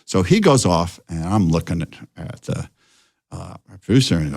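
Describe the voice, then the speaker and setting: An older man, a guest director, telling a lively anecdote and acting out the voices of the people in it. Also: sits low, moderate pace, gravelly, husky.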